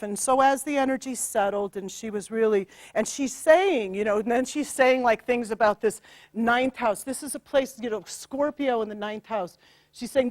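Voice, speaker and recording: Dry-sounding animated woman telling a story. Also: fairly high pitch, dry recording. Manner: animated, laughs often, acts out quotes. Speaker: astrologer and healer. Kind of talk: storytelling about a client session.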